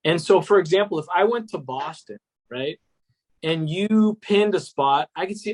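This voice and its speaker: A man's voice: high voice, animated, moderate pace, darkish tone. A man, an app co-founder, chatting enthusiastically and loosely on a podcast, full of "like" and "cool". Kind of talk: casual podcast chat.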